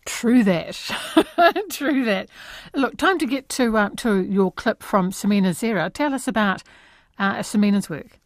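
A woman's voice: mid-range voice, animated, a little slow, no echo, clean studio sound. A woman hosting a radio interview, giving brief, friendly prompts to her guest. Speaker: radio host.

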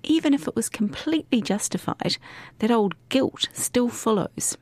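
A woman hosting and narrating a podcast in a measured, scripted way. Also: fairly high pitch, expressive, darkish tone, dry recording. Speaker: host narrator.

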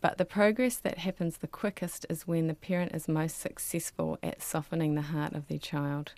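Woman with low gravelly voice, earnest explainer, dry close sound. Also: fairly even intonation, normal speed, dry recording. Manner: earnest, explanatory, softens into quiet voices when quoting parents. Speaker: guest expert on child development. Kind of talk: interview answers.

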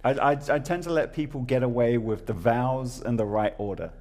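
A man hosting a casual podcast chat, playful and quick to laugh. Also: mid-range voice, a little mellow. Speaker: podcast host.

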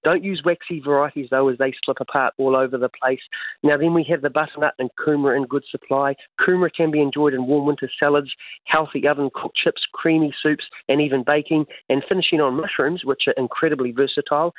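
A man's voice: a little high, steady tone, fast talker, dry recording. A man with a New Zealand accent giving a produce market report on a phone-in radio segment, reading steadily from prepared notes. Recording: tinny phone line.

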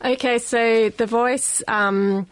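A woman with an Australian accent, a guest expert, explaining in a radio studio in a measured way with frequent filler pauses. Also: a little high, fairly even intonation, dry recording.

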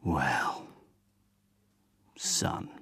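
A man voicing a gruff, mocking older father in an audiobook, over a dry recording. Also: very slow, sharp tone, no room sound. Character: scornful bullying older father.

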